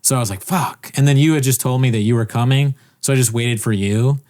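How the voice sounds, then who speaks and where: A man's voice: medium pitch, fast talker. Rambling storyteller man, casual. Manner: rambling, animated, swears, acts out quotes.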